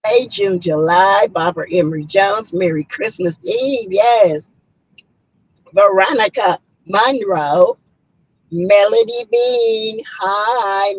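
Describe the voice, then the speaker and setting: A hoarse woman, chatting casually and emphatically on a livestream and greeting viewers by name. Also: mid-range voice. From South Carolina. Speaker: livestream host. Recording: muffled lo-fi audio.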